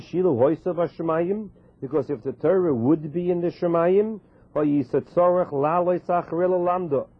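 A man's voice: a little high, husky. A man giving a Torah class, translating verses phrase by phrase, mixing in Hebrew terms and reasoning through questions aloud. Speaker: Torah teacher. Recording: tinny phone-like lo-fi recording.

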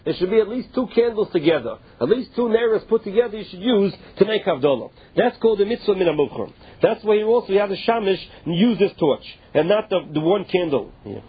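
A man with a high, slightly husky voice works through a Talmud passage. He reads each phrase of Aramaic and then explains it plainly in English. The sound is thin and band-limited, like a phone line. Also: expressive, fast talker. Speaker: Talmud teacher.

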